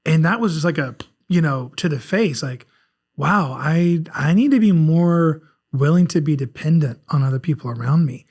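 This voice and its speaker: Here a man from South Carolina, in his forties and lightly Southern-accented, speaks as a guest author on a casual podcast with many restarts. His fairly high voice is expressive and a little mellow, moving at a moderate pace. He's rambling and candid, restarting often as he reflects on himself.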